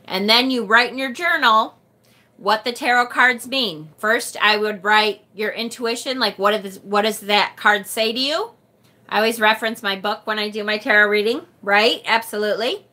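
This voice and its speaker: A middle-aged woman with a Rochester, New York accent, hosting a casual tarot livestream and reading viewer comments aloud, chatty and quick to laugh. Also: medium pitch, bright, forceful tone. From United States. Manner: chatty and bubbly, laughs often, trails off and restarts.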